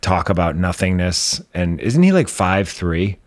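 A man co-hosting a podcast who talks in a loose, joking way with plenty of fillers. His voice sits very low. The sound is dry and close, with no room echo. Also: big pitch swings, measured pace. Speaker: podcast co-host. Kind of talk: casual chat.

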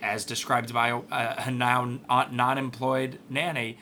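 Male podcast co-host with a bright edge, casual joking delivery, light noise behind. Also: medium pitch, flat delivery, a little slow. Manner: wry, profane, joking.

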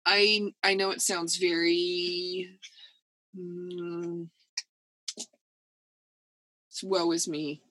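A woman co-hosting a relaxed, chatty conversation. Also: lowish voice, very slow, long pauses, no echo, low-quality recording. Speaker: podcast co-host. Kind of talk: casual chat.

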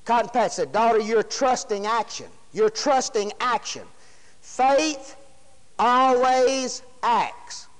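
A man's voice: extremely high pitch, slow. A man preaching a sermon, folksy and emphatic, often throwing rhetorical questions to the congregation. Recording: long hall reverb.

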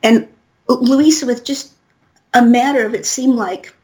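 A woman's voice: a little high, unhurried, background noise. A middle-aged woman guest telling a personal story in an interview, acting out the voices of the people in it. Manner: animated storyteller acting out quotes.

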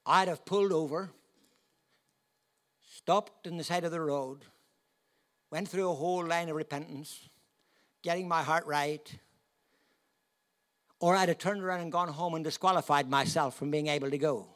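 A man preaching a storytelling sermon, humorous and animated, often laughing and swinging from hushed to loud. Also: fairly high pitch, normal speed, pauses often. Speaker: guest preacher.

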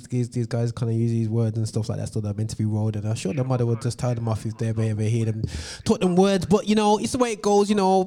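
Man, host, casual live chat, rambling, self-interrupting, slightly high voice, dark mellow tone.

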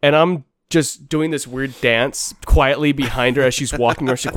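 A man in a relaxed podcast conversation, mid-pitched, acting out quotes as he tells stories. He is recorded close to the mic in a dry, dead room. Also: moderate pace, dry recording. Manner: animated storyteller, acts out quotes. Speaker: podcast host. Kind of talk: casual chat.

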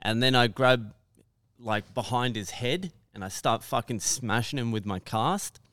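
A man's voice: medium pitch, measured pace, a bit bright, no echo, studio quality. A young man on a podcast telling a story in casual talk, swearing constantly and laughing now and then.

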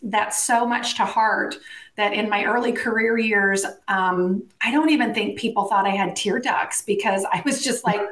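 A woman guest telling stories in a casual interview, animated, laughing often and acting out the voices of people she quotes. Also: medium pitch, moderate pace. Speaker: guest, industry co-founder. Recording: roomy echo.

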